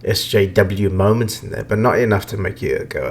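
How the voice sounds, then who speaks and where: A man's voice: on the low side, expressive, moderate pace, gravelly. A man hosting a podcast, ranting bluntly and profanely about video games in casual talk. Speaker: podcast host. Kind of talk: casual gaming rant.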